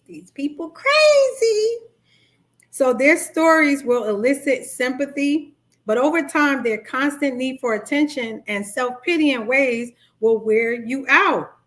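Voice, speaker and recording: A middle-aged woman life coach, talking casually to a live-stream audience and acting out quoted dialogue. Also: a little slow. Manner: chatty, animated, acts out quoted dialogue in high voices. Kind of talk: live-stream talk on narcissistic abuse.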